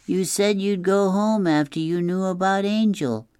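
Woman doing a gentle, coaxing young boy. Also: medium pitch, unhurried, clean tone, no echo, clean studio sound, pitched above the performer's own voice, close to an everyday voice.

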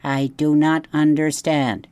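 A calm, literal female robot in a storybook, speaking flatly, as a woman reading aloud puts her on. The voice sits low and steady. The sound is dry. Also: slow, clean tone, no room sound. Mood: plain. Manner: flat, plain, literal.

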